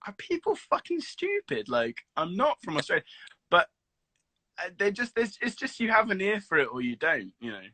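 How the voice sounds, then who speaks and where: A man from England, chatting casually on a video call and telling animated stories with swearing and laughs. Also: a little high, no echo. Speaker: actor guest. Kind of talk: casual chat.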